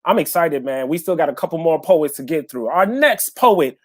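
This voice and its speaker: A man emceeing a livestreamed show with loud, excited energy, pumping up the audience between acts. His voice sits somewhat high for a man. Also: normal speed. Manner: excited, crowd-pumping, repeats praise. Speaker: host.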